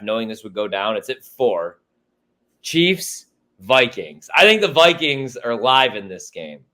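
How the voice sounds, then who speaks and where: A man hosts a casual sports podcast, and his pitch swings widely as he fires off blunt, profane opinions. He talks in a loose, animated way. He is from Chicago.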